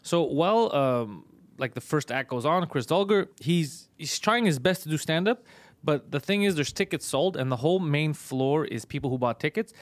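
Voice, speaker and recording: A man casually telling a story on a podcast, fast, profane and animated. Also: on the high side, dry recording. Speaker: podcast host, comedian.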